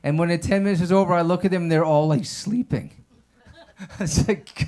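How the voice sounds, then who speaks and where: A man on an open mic stage doing stand-up with a somewhat high voice. He rambles loosely through his bits, leaning on filler words like "like" and "man" as he goes. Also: steady tone, normal speed, a little mellow. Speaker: stand-up comedian. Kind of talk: stand-up comedy set.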